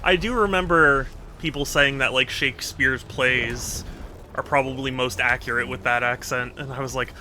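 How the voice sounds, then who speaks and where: A man's voice: medium pitch, steady tone, normal speed, sharp tone, slight background noise. A man streaming a video game, chatting casually with his viewers, laughing often and restarting sentences as he goes. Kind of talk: casual live-stream chat while gaming.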